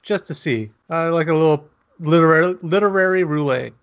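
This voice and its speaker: A man co-hosting a casual podcast, teasing and crude with a deadpan delivery. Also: a little high, brisk, dull audio. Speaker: author and podcast co-host.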